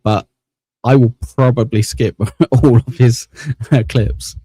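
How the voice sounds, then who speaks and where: A man's voice: medium pitch, steady tone, takes it slowly, warm tone, breathy edge, dry recording, studio quality. A man hosting a casual livestream, rambling about online drama, repeating himself and laughing often. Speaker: host.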